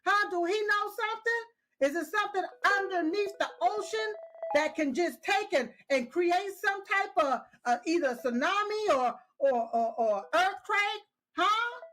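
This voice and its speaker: Emphatic high-voiced woman commentator. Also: animated, measured pace, a bit bright. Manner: emphatic, repeats herself with "yes, yes" and "uh-huh"; scolding, talks straight at the people she criticizes. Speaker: political commentator. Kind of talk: casual opinionated commentary.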